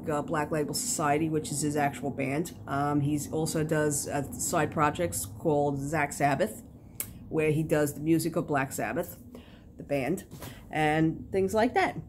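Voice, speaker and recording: Middle-aged woman, lower voice, casual rambling vlog, talking to camera at home. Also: background noise. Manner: rambling, animated storytelling with many fillers. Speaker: crafting vlogger.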